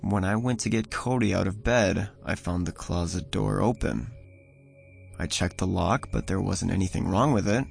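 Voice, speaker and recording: A man narrating a first-person horror story in a measured, somber way. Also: low voice, vocal fry. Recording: voice over soft music.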